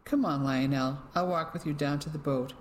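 A storyteller voicing an assured Englishwoman who talks in a gentle but firm manner. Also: mid-range voice, normal speed, slight background noise, lightly acted. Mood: kindly.

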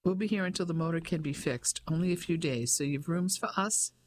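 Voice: mid-range voice, fairly quick, dry recording, close to an everyday voice. A reader voicing a polite, proper young Englishwoman on holiday, in an audiobook. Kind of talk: audiobook character voice.

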